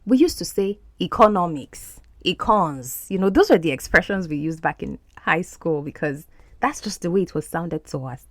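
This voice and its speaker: A woman walks learners through expressions from film scenes, repeating key words patiently. Her voice is fairly low. The recording is dry and close. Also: expressive, brisk, no echo. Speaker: English teacher. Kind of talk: explaining film clips in an English lesson.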